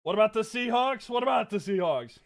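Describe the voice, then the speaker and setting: Hyped, high-voiced young man yelling. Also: expressive, a little fast, creaky. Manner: yells and hypes, then talks to chat casually. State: losing his voice, hoarse. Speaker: streamer reacting to a football game. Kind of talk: excited live-stream reaction.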